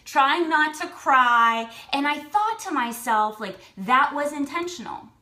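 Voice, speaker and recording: A woman in her thirties, a lifestyle and fertility coach, telling a personal story to her viewers in an animated, chatty way with lots of "like". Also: sits high.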